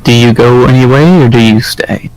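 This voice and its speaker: A man running a tabletop game as game master, narrating in a halting way with many fillers. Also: medium pitch, a little mellow, faint music behind, low-quality recording. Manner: hesitant, filler-heavy improvised narration.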